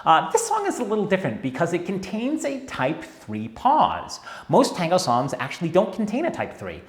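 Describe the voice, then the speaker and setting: A man's voice: high voice, wildly swooping pitch, moderate pace. A man teaching a dance lesson in a chatty, wry way, often checking in with his viewers. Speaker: tango teacher. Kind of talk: instructional video talk. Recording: echoey room.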